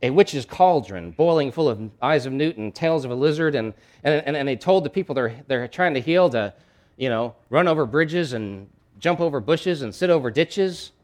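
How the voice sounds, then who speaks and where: A man's voice: medium pitch, expressive, normal speed, darkish tone. A man preaching a sermon in a conversational, emphatic way, with asides and frequent restarts. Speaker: pastor.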